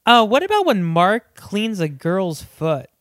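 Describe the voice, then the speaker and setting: A man's voice: high-pitched, sing-song, measured pace, fairly bright tone, no room sound, studio quality. A man co-hosting a casual movie chat, joking and acting out the characters' lines. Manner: jokey, acts out characters' lines in silly voices. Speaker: podcast co-host.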